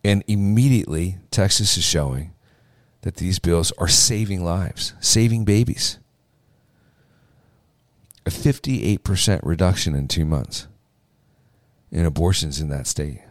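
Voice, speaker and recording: Deep voiced guy doing a political podcast, chatty, lots of restarts and repeats, dry close mic. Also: animated, unhurried, pauses often, dry recording. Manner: conversational with fillers, restarts and emphatic repetitions. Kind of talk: casual political commentary.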